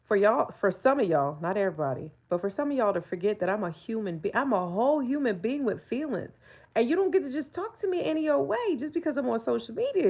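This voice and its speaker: A woman's voice: fairly high pitch, sing-song, quick pace, vocal fry, darkish tone. Chatty woman in her forties. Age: 40s. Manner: candid and chatty, laughs often, talks back to the chat. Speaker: livestreamer. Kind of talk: casual live-stream chat.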